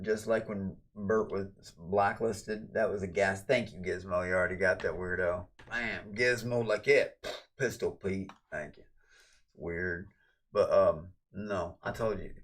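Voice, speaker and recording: Gravelly low-voiced man ranting on stream. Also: a bit bright. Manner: rambling, ranting, profane. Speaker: livestreamer. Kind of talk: casual livestream chat.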